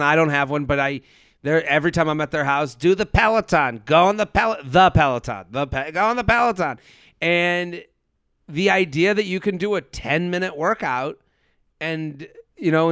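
A man's voice: on the high side, fairly bright tone, clear, resonant tone, dry recording, clean studio sound. A man co-hosting a casual chat, telling stories animatedly, acting out quotes and swearing. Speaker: podcast co-host.

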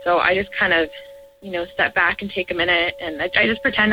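A woman in her twenties, calling in to tell her own ghost story in an earnest, halting way with trailing restarts. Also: fairly low pitch, fairly even intonation. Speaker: caller sharing a ghost story. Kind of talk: personal paranormal story told to a radio show. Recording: muffled lo-fi audio with faint music.

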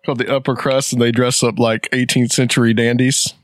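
A man's voice: mid-range voice, level tone, fairly quick, dry recording, studio quality. Jokey man in casual podcast chat. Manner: jokey, tangent-prone, laughs often. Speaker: podcast co-host.

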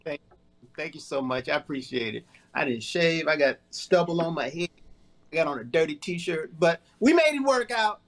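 High-voiced man joking at his own expense. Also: lively intonation, moderate pace. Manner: self-deprecating joking. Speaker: guest co-host. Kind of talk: casual podcast chat.

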